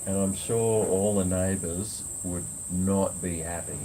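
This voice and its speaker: A man's voice: sits low, steady tone, takes it slowly, dark tone, slight background noise. An Australian man, a food vlogger, chatting casually and rambling in a laid-back way on a home veranda. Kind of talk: casual live chat.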